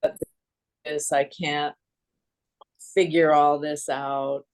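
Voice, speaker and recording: Woman participant, very low voice, unhurried and reflective. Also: level tone, darkish tone. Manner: reflective, hesitant. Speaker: course participant. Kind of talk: group coaching call.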